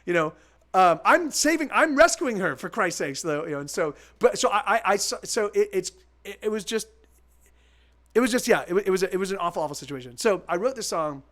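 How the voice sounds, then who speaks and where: High-voiced man rambling to stream viewers. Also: animated, a little fast, a bit bright. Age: 40s. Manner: rambling, full of restarts and repeats; candid, swears freely. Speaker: musician streaming live. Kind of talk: casual chat with stream viewers.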